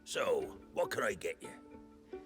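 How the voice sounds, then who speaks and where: A man's voice: sits low, sing-song, slow pace, exaggerated voice. An actor playing a friendly male trader in a video game, easygoing, with game music behind.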